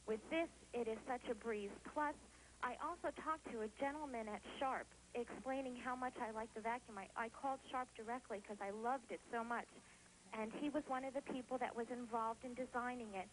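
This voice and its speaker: A woman from New Jersey rings in to a home shopping broadcast and raves in a chatty, gushing rush. Her voice sits slightly high, and a faint hiss runs under it. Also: brisk, low-quality recording. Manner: gushing, chatty, laughs easily. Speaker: call-in viewer. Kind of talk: phone-in testimonial.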